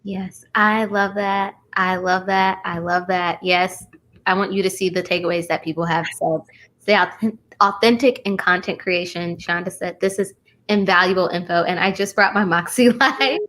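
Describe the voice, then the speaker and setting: A woman's voice: fairly low pitch, steady tone, normal speed, fairly bright tone. A woman hosting a casual live stream, enthusiastic, reading viewer comments aloud and saying "y'all.". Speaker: host.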